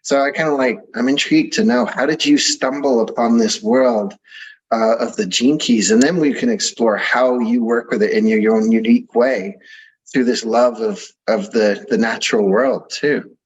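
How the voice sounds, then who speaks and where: Husky, chatty man hosting. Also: medium pitch, low-quality recording. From England. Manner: chatty and rambling, quick to laugh. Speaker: podcast host. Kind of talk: casual interview chat.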